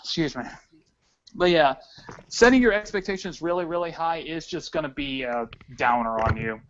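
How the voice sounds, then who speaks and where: A young man hosting a casual podcast chat, animated, slangy and quick to laugh. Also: on the high side. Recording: dull lo-fi audio with faint hiss.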